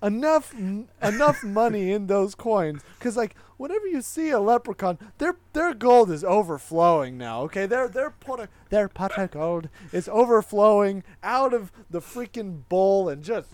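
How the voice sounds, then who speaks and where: A young man co-hosting a casual comedy podcast, rambling and excitable, with lots of slang and restarts. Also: high voice, moderate pace, hardly any pauses, no echo. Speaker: podcast co-host.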